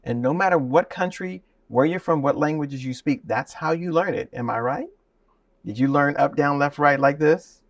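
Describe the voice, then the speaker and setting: A man speaking as a guest and voice teacher in an interview, lively and demonstrative, often laughing. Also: on the high side, normal speed, no room sound, distant mic. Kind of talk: animated interview talk with spoken demonstrations.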